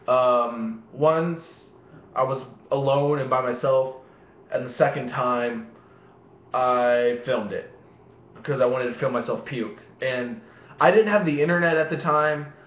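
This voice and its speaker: Rambling foul-mouthed guy in an echoey room. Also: medium pitch. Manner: rambling, swears constantly, laughs at own stories. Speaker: vlogger. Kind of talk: rambling profane storytelling to camera. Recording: echoey room, dull lo-fi sound.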